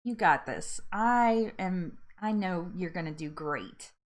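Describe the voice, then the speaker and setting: A woman's voice: on the low side, expressive, slow pace. A young woman hosting a casual live-stream chat, greeting viewers and laughing often in an upbeat way. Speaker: host of a live weight loss support chat.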